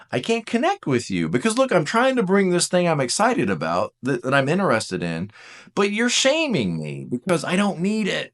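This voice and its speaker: A man speaks with a very lively, swooping delivery as he teaches about personality types. He is casual and self-deprecating, and he often slips into short acted-out quotes. His voice sits a little higher than most men's. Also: moderate pace. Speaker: Enneagram teacher.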